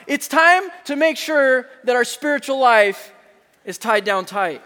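A man preaching a sermon as a pastor, telling lively stories and rising to shouts. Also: very high-pitched, moderate pace, long reverb tail.

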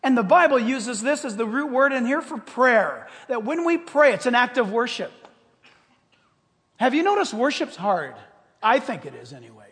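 A man preaching a sermon as a pastor, animated and conversational, acting out quoted prayers and joking with the congregation. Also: extremely high pitch, moderate pace, in a large hall.

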